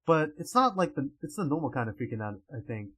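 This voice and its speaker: A man voicing a calm young male mage who talks in a low-key, reassuring way. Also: fast. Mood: wry.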